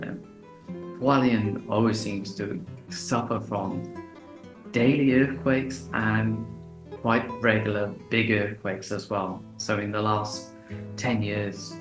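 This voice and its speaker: A man teaching an English lesson in a relaxed way, repeating example phrases slowly and deliberately. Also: on the low side. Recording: echoey room.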